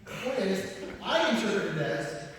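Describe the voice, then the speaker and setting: A man with a fairly high voice tells stories on stage and laughs often as he speaks. His voice carries a long reverb, as if recorded from far off in a large hall. A faint hiss sits underneath. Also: moderate pace. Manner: storytelling, animated, laughs often. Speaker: motivational speaker. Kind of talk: live motivational talk.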